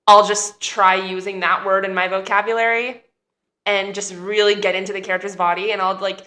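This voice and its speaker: A woman's voice: mid-range voice, level tone, a little fast, pushed and bright. A woman actor chatting in a casual interview, bubbly and full of fillers. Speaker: actor guest.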